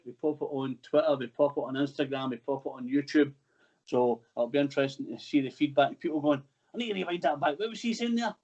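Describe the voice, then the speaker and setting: A man's voice: medium pitch, a little mellow, dull audio. A man hosting a casual interview, chatty and teasing, who swears freely. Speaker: podcast host.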